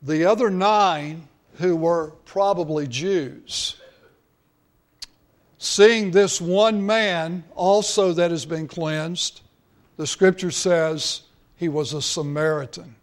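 A man's voice: a little high, fairly even intonation, slow pace. A male pastor preaching a sermon, earnest, drawing out key words for emphasis.

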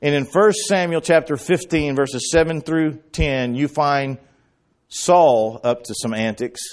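A man preaching a sermon, retelling scripture as a lively story and acting out the quoted lines, with bursts of emphasis. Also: a little high, measured pace. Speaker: pastor.

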